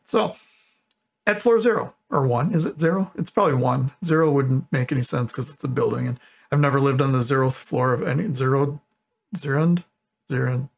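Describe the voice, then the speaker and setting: A man's voice: medium pitch, vocal fry. A man in his twenties casually telling a long joke, rambling and correcting himself as he goes. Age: 20s. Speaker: YouTuber.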